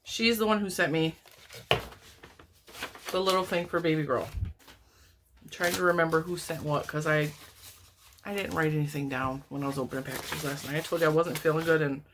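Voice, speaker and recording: A woman's voice: a little fast, pauses often, background noise. Chatty woman, laughs a lot. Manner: chatty and rambling, laughs often, pitch leaps up when excited. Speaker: crochet vlogger opening mail from viewers. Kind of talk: casual chat. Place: home, indoors, TV on in the room.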